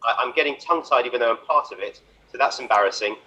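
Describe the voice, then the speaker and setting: A man's voice: mid-range voice, fast talker, sharp tone. A man, a consultant, chairing an online event and introducing speakers with thanks over a video call. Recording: muffled lo-fi video call audio.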